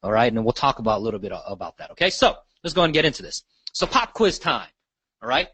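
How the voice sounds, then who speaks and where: A man's voice: medium pitch, very animated, quick pace, sharp tone, breathy edge, dry recording. A man leading a live online sales training, asking the audience questions and checking in often. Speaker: real estate sales trainer.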